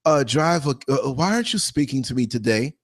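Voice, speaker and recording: A man's voice: mid-range voice, animated, fairly quick, voice pushed down, lightly acted. A man voicing a pushy, overly familiar male bus passenger who drags out his words. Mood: wheedling.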